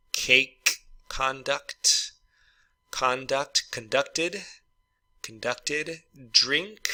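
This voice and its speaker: A male English teacher with a very bright, forward voice speaks at a slow, unhurried pace. He is patient and encouraging, and he says each vocabulary word twice so learners can repeat it. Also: mid-range voice, vocal fry, low-quality recording. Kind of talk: slow explanatory lesson for Spanish speakers.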